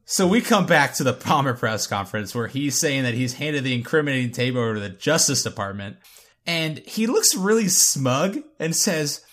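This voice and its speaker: A man's voice: mid-range voice, normal speed. A man hosting a podcast, recapping a TV episode scene by scene and reading out lines in casual chat. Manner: recounts scenes, reads quotes in a lively voice.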